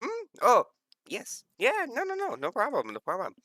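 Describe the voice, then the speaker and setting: A game master voicing an excitable little male alien lab scientist who keeps begging for blood, in a high, eager voice with a wandering accent. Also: moderate pace. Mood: dismissive.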